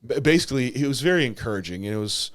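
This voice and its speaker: A man's voice: mid-range voice, expressive, very fast. A young man co-hosting a podcast, talking casually about his bodybuilding competition, rambling with many filler words and restarts.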